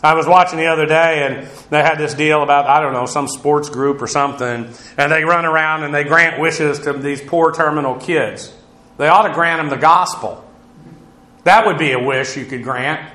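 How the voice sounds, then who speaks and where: A man with a fairly high, bright, forceful voice teaches a Bible lesson in a lecturing way. He fills his pauses with "uh" and often repeats and rephrases himself. The room around him is echoey and full of reflections. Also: steady tone. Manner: lecturing, frequent "uh" fillers, stops to repeat and rephrase. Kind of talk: verse-by-verse Greek Bible lesson.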